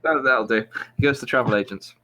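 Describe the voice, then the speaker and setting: A man's voice: medium pitch, fairly quick, sharp tone, poor audio. Rambling man telling a long joke. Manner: meandering, self-interrupting, chuckles at own joke. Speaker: quiz show host.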